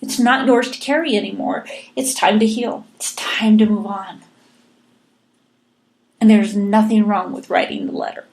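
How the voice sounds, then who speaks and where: A woman's voice: mid-range voice, steady tone, unhurried, darkish tone. A woman hosting a podcast, chatting earnestly and encouragingly, often repeating her words. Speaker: podcast host. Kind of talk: casual chat.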